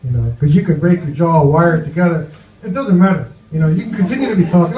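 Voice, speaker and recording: Stand-up comic, male, slightly high voice, meandering halting delivery, echoey dull club recording. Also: lively intonation, a crowd in the background. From New Jersey, USA. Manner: rambling, halting, full of "you know". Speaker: stand-up comedian. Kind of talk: stand-up set. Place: comedy club with live audience.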